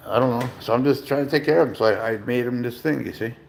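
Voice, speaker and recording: Cat vlogger, male, gravelly mid-pitched voice, loose rambling delivery with profane asides and abrupt shouted outbursts, faint room ambience. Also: fast, a little hiss or hum. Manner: rambling, profane, with sudden loud exclamations. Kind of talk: casual rambling chat to viewers. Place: at home.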